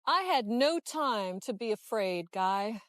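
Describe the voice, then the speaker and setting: An actress playing an excitable young woman who witnessed a robbery, in a scripted scene for English learners, speaking slowly and clearly. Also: on the high side, no echo, clean studio sound. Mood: animated. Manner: animated, slow and clear. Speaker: eyewitness in a lesson video.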